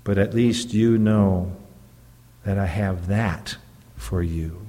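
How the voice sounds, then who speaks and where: A man's voice: on the low side, lively intonation, slow, mellow, big-room sound. A man who is a pastor preaching a sermon in an earnest, emphatic way, often stopping to check in with the congregation through rhetorical questions.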